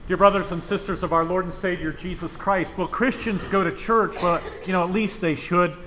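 A man's voice: high-pitched, a bit bright, slight background noise. A male pastor preaching a sermon in church, emphatic and full of rhetorical questions.

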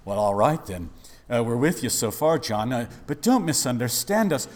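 A preacher putting on indignant church members. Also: male voice, medium pitch, very animated, normal speed, pitched below the performer's own voice, lightly acted. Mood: exasperated. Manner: mock-polite, exasperated. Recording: long reverb of a large hall.

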